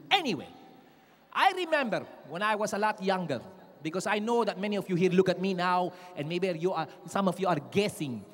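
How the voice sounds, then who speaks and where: A middle-aged male singer doing playful, animated patter with a live audience from a large stage. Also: high voice. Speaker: concert singer and performer. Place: large indoor event stage.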